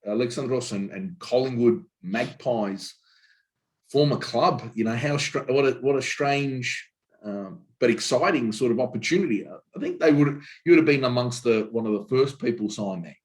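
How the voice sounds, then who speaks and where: Brief: male host, mid-pitched, chatty, prompts his guest along. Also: normal speed, a little mellow. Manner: chatty, short backchannels, prompting questions. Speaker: interview host. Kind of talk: casual interview.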